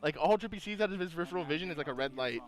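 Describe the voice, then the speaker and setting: A man's voice: a little high, animated, racing. A young man casually co-streaming a match, joking and acting out what the players might be thinking. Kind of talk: casual livestream watch-along chat. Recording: music playing behind.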